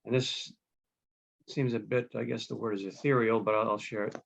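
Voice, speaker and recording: A man's voice: fairly low pitch, fairly even intonation, moderate pace, gravelly. A man taking part in an online workshop over a video call, speaking hesitantly and correcting himself as he shares. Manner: hesitant, self-correcting, chuckles. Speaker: workshop participant. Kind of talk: casual group sharing. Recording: dull lo-fi video call audio.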